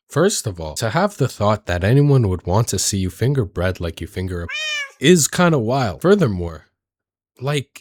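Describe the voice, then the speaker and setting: A man's voice: fairly low pitch, darkish tone. A man giving comedic reaction commentary on videos, joking and mock-outraged.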